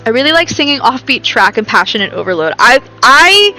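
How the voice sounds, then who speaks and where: A high, bright-voiced woman chatting casually to her live-stream viewers from a home computer setup. She is bubbly and giggly and pokes fun at herself, with faint game music playing underneath. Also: big pitch swings, brisk, few pauses, poor audio. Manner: bubbly, giggly, self-deprecating.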